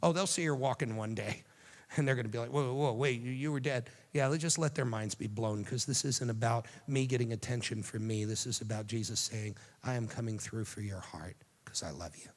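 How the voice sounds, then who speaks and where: A man giving a youth sermon, telling the story dramatically and dropping to a hushed, tender voice for quoted lines. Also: lowish voice, brisk, big-room sound. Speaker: youth speaker.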